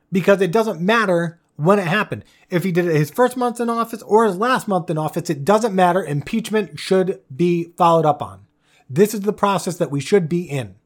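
A podcast host from the United States giving a solo political commentary rant, indignant and heated, swearing and stumbling over restarts. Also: mid-range voice.

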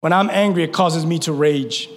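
A man preaching a sermon as pastor, animated and emphatic, dropping at times to a hushed tone. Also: fairly high pitch, normal speed, long reverb tail.

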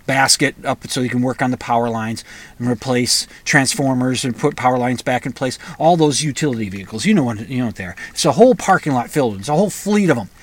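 A man hosting a podcast, talking in a rambling, opinionated monologue with frequent restarts. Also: medium pitch. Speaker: podcast host. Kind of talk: casual monologue.

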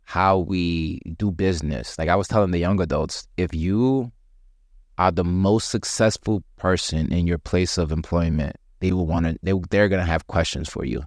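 Deep-voiced man hosting a podcast. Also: moderate pace, no echo, studio quality. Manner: relaxed, laughs easily, asks questions. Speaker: podcast host. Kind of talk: casual faith conversation.

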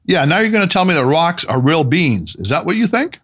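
A man's voice: big pitch swings, fairly quick, fairly bright tone. A man doing Harry, a skeptical, incredulous doctor. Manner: incredulous, defensive, higher-pitched. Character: skeptical adult male doctor, earnest and defensive. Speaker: protagonist character in an audiobook. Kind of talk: audiobook character reading.

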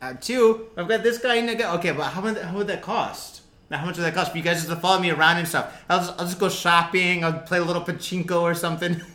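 Joking, rambling man with a bright voice. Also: high-pitched, fast talker, few pauses, reverberant, a little hiss or hum. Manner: joking, rambling, swears freely, laughs a lot. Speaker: podcast host. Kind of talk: casual podcast chat.

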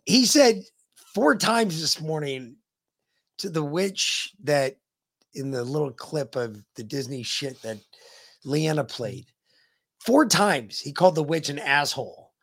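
A man's voice: a little high, lively intonation, takes it slowly, a bit bright, slightly rough. A man hosting a podcast, joking crudely and swearing freely in casual chat. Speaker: podcast host.

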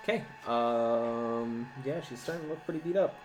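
A man narrating as game master of a tabletop game, unhurried and pausing with ums. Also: mid-range voice, faint music behind.

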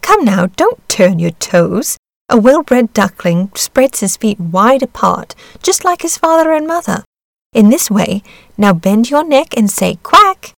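A woman's voice: on the high side, sing-song, unhurried, creaky, no echo, clean studio sound, full character voice. A woman voicing a fussy, proud mother duck in a storybook reading, motherly and fretful. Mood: fussing.

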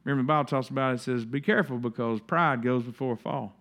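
A man's voice: mid-range voice, fast, lo-fi sound. A middle-aged man preaching a sermon in a conversational way, acting out the voices of the people he quotes. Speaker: pastor.

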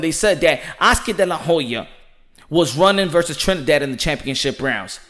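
A fairly high-voiced man riffs through a boxing podcast from a room at home. He talks in an excitable, slangy rush, circling back to "ladies and gentlemen" again and again. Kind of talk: animated boxing commentary monologue. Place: home room with children nearby. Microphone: home setup.

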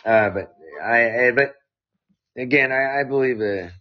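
A man's voice: medium pitch, unhurried, dull audio, soft background music. A man hosting a casual podcast, reading listener stories aloud and rambling with many fillers and restarts. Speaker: podcast host.

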